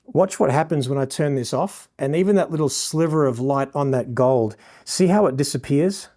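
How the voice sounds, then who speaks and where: A man's voice: fairly high pitch, moderate pace, warm tone. A man with an Australian accent teaching a portrait lighting lesson as he shoots, praising the model and explaining each setting to viewers. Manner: effusive, showering the model with praise. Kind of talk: live instruction while shooting a portrait session.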